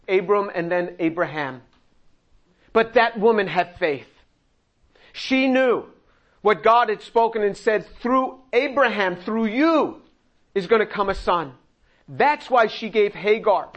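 A man preaching through a Bible passage, animated, laughing often and acting out the quoted lines in voices. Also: high-pitched, highs cut off. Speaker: pastor. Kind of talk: expository sermon reading and commenting on scripture.

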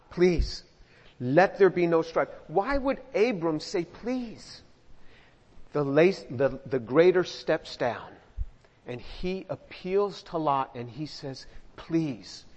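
Guy preaching a sermon, bit high voice, long hall echo, kinda muffled. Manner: expressive preaching, slows down for emphasis. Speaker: pastor. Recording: dull sound with long hall reverb.

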